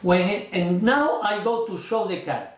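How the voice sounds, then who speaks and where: A man with teaching a card trick, explaining in a lively, expressive way and acting out his stage patter. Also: normal speed, echoey room. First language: not English. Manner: expressive, acts out his stage patter with big jumps in pitch. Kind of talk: explanatory lesson.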